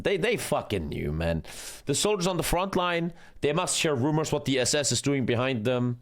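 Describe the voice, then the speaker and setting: A man talks through a war documentary in loose, casual commentary. He swears freely and sounds blunt and earnest, his pitch sitting in an ordinary middle range. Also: very animated, brisk. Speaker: streamer reacting to a history video.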